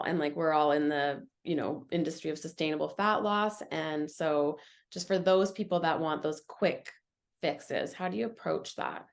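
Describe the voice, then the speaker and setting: A lower-pitched young woman hosting a nutrition podcast. She chats in an easy, agreeable way, full of ums and you-knows as she frames her questions. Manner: chatty, agreeable, lots of fillers like um and you know. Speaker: podcast host, nutrition coach. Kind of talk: casual podcast conversation.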